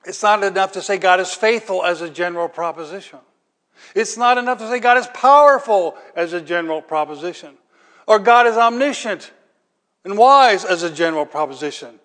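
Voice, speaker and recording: A man with a high, light voice delivers a sermon as pastor. He talks conversationally and throws in rhetorical questions, then builds to emphatic, ringing peaks. His words trail off into the long reverb of a large church hall. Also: lively intonation, a little fast, fairly bright tone.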